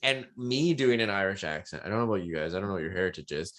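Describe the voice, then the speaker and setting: A man's voice: low voice, expressive, very fast, fairly bright tone. A man from Canada co-hosting a podcast, talking loosely and laughing often. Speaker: podcast co-host. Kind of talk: casual chat.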